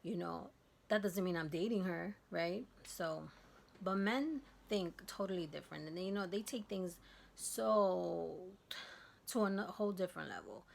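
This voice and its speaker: A woman vlogger telling a personal story in a candid, emphatic way, dropping to a hush at tense moments. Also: lowish voice, expressive, normal speed, vocal fry. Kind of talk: casual storytelling.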